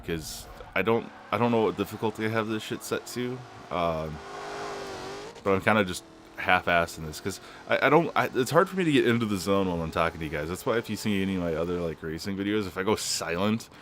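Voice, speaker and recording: A young man giving casual, rambling commentary while playing a racing game, swearing often and filling pauses with lots of ums. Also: sits low, a bit bright, a little hiss or hum. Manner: rambling, swears a lot, many fillers. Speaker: gaming channel host.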